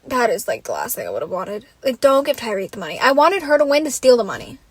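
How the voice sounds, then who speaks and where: A woman's voice: a little high, sing-song, quick pace, slightly rough, dry recording. A young woman hosting a solo podcast, ranting in an exasperated, casual way, swearing freely and saying "like" constantly. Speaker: podcast host.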